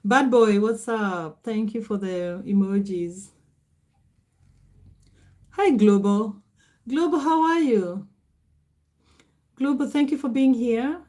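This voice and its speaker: Kenyan woman chatting on a livestream, mellow. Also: mid-range voice. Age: middle-aged. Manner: reads viewer comments aloud and greets viewers warmly by name. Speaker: livestream host. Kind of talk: casual livestream chat reading comments.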